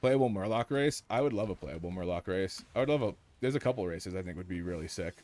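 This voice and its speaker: Male streamer, deeper voice, jokey live gameplay commentary, light background noise. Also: fast. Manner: excitable, jokey, talks to chat and teammates.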